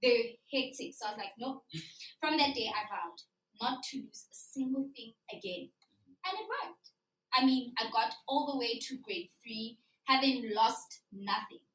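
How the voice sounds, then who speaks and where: Young female storyteller, high-pitched and animated, performs her story live in a roomy hall. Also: normal speed. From South Africa. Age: young adult. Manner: animated, acts out her younger self and teacher. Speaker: student storyteller. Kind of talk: staged personal storytelling. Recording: echoey hall from far off.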